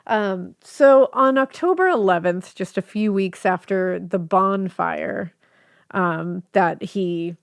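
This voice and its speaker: Gravelly-voiced woman telling a true crime story. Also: medium pitch, slow pace, no room sound, studio quality. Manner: chatty and profane, with a casual storytelling flow. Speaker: podcast co-host.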